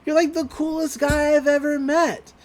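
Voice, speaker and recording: A podcast host voicing a bubbly, excitable young girl who gushes. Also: high-pitched, moderate pace, voice pushed up. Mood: gushing.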